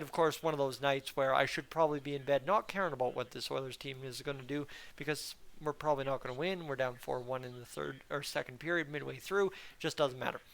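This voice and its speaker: A man's voice: mid-range voice, a bit bright. A young man hosting a casual fan commentary channel, rambling and chatty with a frustrated edge. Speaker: hockey fan channel host.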